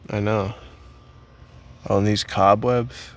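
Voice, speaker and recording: A man's voice: on the low side, unhurried, long pauses. A young man rambling in a crude, joking way while vlogging, with lots of fillers. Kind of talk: casual comedic vlog.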